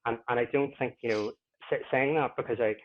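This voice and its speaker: A man who is a podcast guest, talking in a reflective, unhurried way and often pausing to find his words. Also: mid-range voice, steady tone. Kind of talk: casual interview conversation. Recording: tinny phone-like line.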